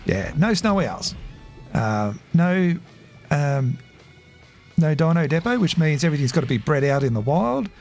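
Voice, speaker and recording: A man chatting casually while streaming a game, rambling and halting, with frequent chuckles. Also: fairly high pitch, big pitch swings, darkish tone, faint music behind. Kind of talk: casual live-stream chat.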